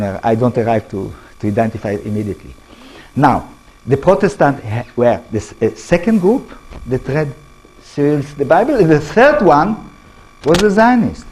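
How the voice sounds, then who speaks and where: An older man with an Israeli accent giving a lecture to an audience, in halting English, often restarting words and asking the listeners questions. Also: medium pitch, a little mellow, slightly rough, low-quality recording. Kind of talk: public talk to an audience.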